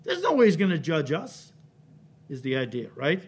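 High-voiced emphatic male pastor preaching. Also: wildly swooping pitch, moderate pace, husky. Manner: emphatic, builds to loud cries then drops low, frequent "right?" checks. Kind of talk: sermon.

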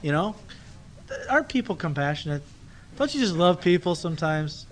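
A man's voice: a little high, sing-song, normal speed. Conversational man preaching a sermon. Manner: conversational, asks rhetorical questions, acts out the people in the story. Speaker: pastor.

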